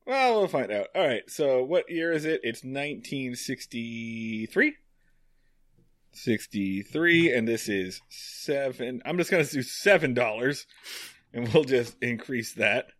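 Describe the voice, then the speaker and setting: A man co-hosting a podcast, giving a casual episode recap with wry, deadpan, profane humor. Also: mid-range voice, unhurried, no room sound, studio quality. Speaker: podcast co-host.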